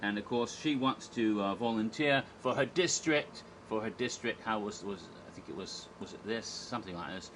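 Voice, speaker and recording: A man's voice: lowish voice, unhurried, a bit bright, a little hiss or hum, poor audio. A man casually retelling a comedy stage show, chatty and irreverent, often acting out the characters' lines. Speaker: theme park history vlogger.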